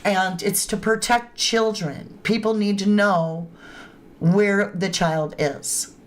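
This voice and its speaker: A woman's voice: mid-range voice, fairly even intonation, takes it slowly. A woman hosting a true crime livestream, chatting informally and talking straight to her viewers. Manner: informal grammar. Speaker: true crime channel host. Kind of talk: casual livestream commentary.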